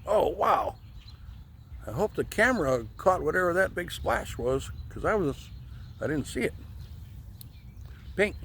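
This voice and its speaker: A man casually vlogging on a riverside walk with his dog, chatting to viewers and cooing to the dog, sometimes hushed. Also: high-pitched, very animated, measured pace, gravelly, pauses often, a little hiss or hum. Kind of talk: casual walking vlog. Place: outdoors on a riverside trail. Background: faint birds and outdoor ambience.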